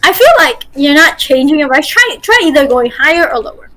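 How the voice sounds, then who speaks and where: A woman's voice: sits high, very animated, brisk, bright, forceful tone, low-quality recording. A woman game master teaching a casual online voice acting workshop, chatty and full of fillers and restarts over a call mic.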